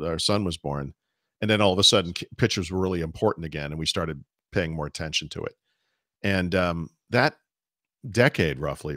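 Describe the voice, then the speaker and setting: Middle-aged guy, low voice, rambly podcast chat, dry close mic. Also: a bit bright, no echo. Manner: rambling, many restarts and asides. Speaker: podcast co-host. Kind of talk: casual chat.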